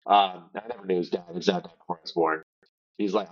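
A man's voice: low-pitched, steady tone, fast talker, highs cut off. A man on a remote podcast call, telling a rambling story in casual chat with swearing and fillers. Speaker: podcast co-host.

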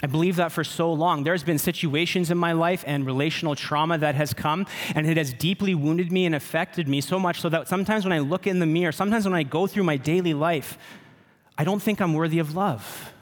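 A man's voice: on the high side, fairly quick. A man in his thirties, a pastor preaching a sermon in an earnest, personal way. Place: church sanctuary. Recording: reverberant church hall.

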